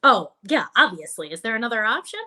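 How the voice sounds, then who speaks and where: A woman from Buffalo, New York, hosts a casual interview over a video call. Her voice sits a little high and sounds bright and crisp. She talks in a quick-witted, teasing way. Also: sing-song. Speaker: radio show host.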